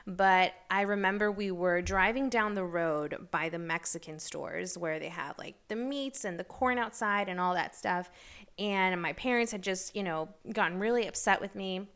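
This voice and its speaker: A woman hosting her own podcast, telling stories in a chatty, rambling way with lots of fillers and bursts of excited, incredulous emphasis. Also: mid-range voice, normal speed, smooth. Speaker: podcast host. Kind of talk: casual solo podcast chat.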